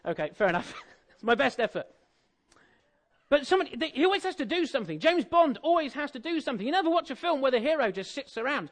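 A man's voice: very high voice, very animated, fast talker, a bit bright. A married man preaching an Easter sermon in a conversational, jokey way, often asking the audience questions. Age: adult, married.

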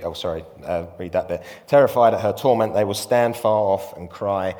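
A man's voice: sits low, fairly quick, few pauses, dark tone, big-room sound. A man preaching a sermon in a conversational way, asking rhetorical questions and putting on voices. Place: church.

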